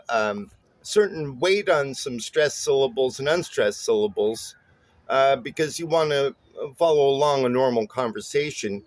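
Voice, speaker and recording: There's no room sound as this mid-range male voice walks through a relaxed songwriting lesson. He rambles through his explanations, leaning on plenty of "uh"s and "right?"s.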